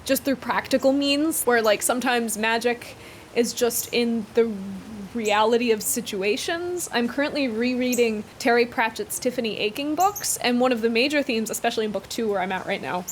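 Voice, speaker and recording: A woman's voice: a little high, normal speed, slight background noise. A woman reading a story aloud and breaking off for chatty, enthusiastic commentary. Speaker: book vlogger.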